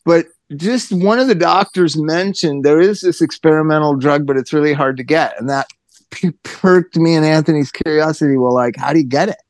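A male podcast host in casual chat, telling stories in an animated way, swearing and swinging his pitch widely. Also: normal speed, no echo.

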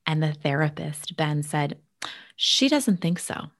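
A woman's voice: deep voice, expressive, measured pace. A woman telling a personal family story in casual conversation, earnest, sometimes dropping to a near-whisper. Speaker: guest sharing a family story.

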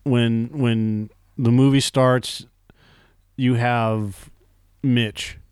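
A man's voice: medium pitch, fairly even intonation, extremely slow, a little mellow, clean tone, no room sound, clean studio sound. A man co-hosting a casual movie review podcast, blunt and swearing freely, often cutting in on his co-host.

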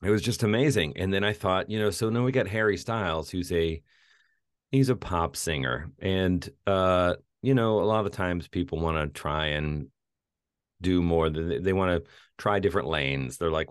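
A man co-hosting a film podcast, chatting casually and retelling scenes with lively energy. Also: low voice, moderate pace, clean tone, no echo, studio quality. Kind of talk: casual film review chat.

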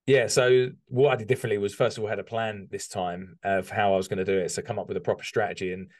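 Low-voiced reflective British man. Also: flat delivery, fast. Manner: reflective, many restarts and ums. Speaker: podcast guest, business owner. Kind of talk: candid conversational interview.

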